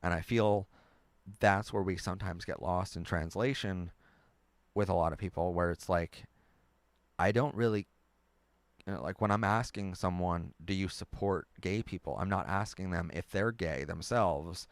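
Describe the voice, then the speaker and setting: A young man hosts a relaxed live stream, reading out viewer comments and rambling between them with frequent laughs. His voice sits low. The sound is dry and close, with no room around it. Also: moderate pace, no room sound. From United States. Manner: rambling, chatty, laughs often.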